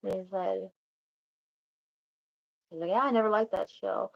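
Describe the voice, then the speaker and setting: A woman's voice: medium pitch, fairly even intonation, gravelly. Rambling woman telling a story, lo-fi. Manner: rambling, restarts, quotes others in quick asides. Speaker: vlogger. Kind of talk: casual storytelling monologue.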